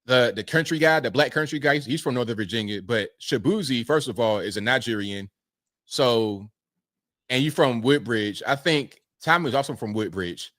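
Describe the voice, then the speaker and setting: A man's voice: medium pitch, expressive, normal speed, a bit bright, dry recording, studio quality. Laid-back man reading viewer chats. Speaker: livestream host reading super chats. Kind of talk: casual livestream chat.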